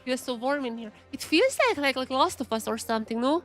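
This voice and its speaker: A woman's voice: high-pitched, expressive, fairly quick, a bit bright. Chatty young woman streamer, game music. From Eastern Europe. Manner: chatty, thinking aloud, reading game text. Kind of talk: casual gameplay commentary.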